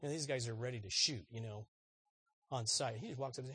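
A man's voice: mid-range voice, quick pace, slightly rough. A man preaching a sermon, telling an anecdote and acting out the voices in it. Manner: animated storyteller, acts out voices in anecdotes. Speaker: pastor. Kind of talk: sermon storytelling.

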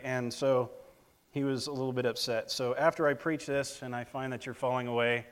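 A man's voice: medium pitch, fairly even intonation, normal speed, clean tone. A man preaching a plainspoken, straight-to-the-point sermon, with frequent fillers and restarts. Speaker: lay preacher.

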